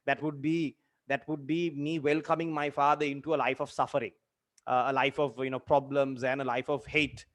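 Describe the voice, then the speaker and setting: A young man in his twenties, a teacher telling a personal story in a lesson, earnest and halting with many fillers and repeated phrases. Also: medium pitch, level tone, fairly bright tone. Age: 20s. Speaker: literature teacher.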